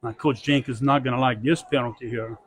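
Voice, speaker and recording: A man giving excitable color commentary on a high school football game. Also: brisk, reverberant, a little hiss or hum. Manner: excitable, emphatic analysis.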